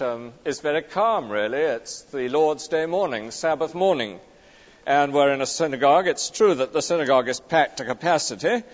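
Male preacher, fairly high and very animated voice, emphatic sermon delivery, long echoing church reverb. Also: dull audio. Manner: emphatic, with rhetorical tag questions. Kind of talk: expository sermon. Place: large church.

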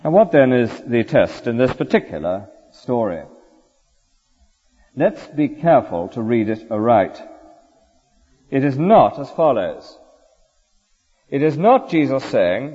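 A man's voice: medium pitch, very animated, slow, long pauses, dark tone, slightly rough. A man preaching a sermon in an earnest, rhetorical way, often ending points with tag questions. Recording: dull lo-fi recording with long hall reverb.

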